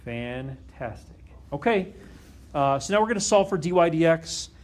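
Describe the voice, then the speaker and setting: Guy teaching math to a class, slightly high voice, keeps asking if everyone follows. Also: expressive, unhurried. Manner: questioning, checks in with students often. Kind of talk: classroom calculus lesson.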